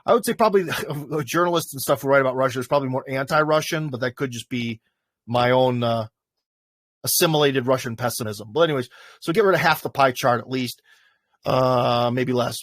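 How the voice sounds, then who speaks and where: A man hosts a livestream in a loose, rambling way, leaning on fillers as he goes. His voice sits at a middle pitch. The sound is dry and close, with no room echo. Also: fairly quick, fairly bright tone. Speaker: livestream host. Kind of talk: casual chat. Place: in front of a green screen.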